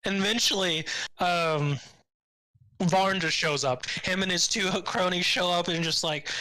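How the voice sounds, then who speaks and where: Man, bright voice, casual chat, acts out characters, sarcastic. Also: high voice, a little slow, no echo, low-quality recording. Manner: animated retelling, acting out characters' lines with sarcastic asides. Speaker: podcast co-host. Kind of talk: casual anime recap chat.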